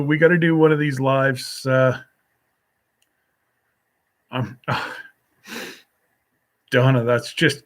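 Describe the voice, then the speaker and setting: A man chatting slowly and loosely through a casual solo live stream, picking up viewer comments one by one and answering them. His manner is folksy and gently teasing, and his pitch sits at an everyday middle.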